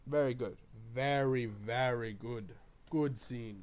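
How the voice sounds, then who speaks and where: A man talking through a film review in a loose, unscripted ramble. He swears freely and his voice jumps up in excited bursts of praise before settling back down. His pitch sits in a middling range. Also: unhurried. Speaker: movie reviewer.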